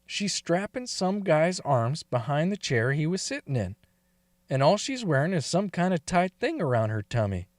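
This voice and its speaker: A man's voice: on the high side, big pitch swings, moderate pace, no echo, clean studio sound. A man telling a crude first-person story, swearing and laughing often. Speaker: story reader.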